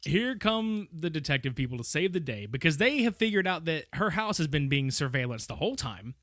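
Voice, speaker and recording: High-voiced, lively man riffing on a movie. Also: brisk, no echo, clean studio sound. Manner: animated, laughing, acts out movie characters in put-on voices. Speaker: podcast co-host. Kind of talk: casual film-review chat.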